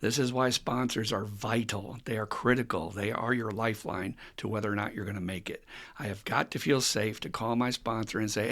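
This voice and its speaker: A man hosting a recovery podcast, talking casually and teaching with animated stories. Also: on the low side, normal speed. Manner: animated storytelling with acted quotes and frequent laughs. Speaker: recovery counselor and podcast host.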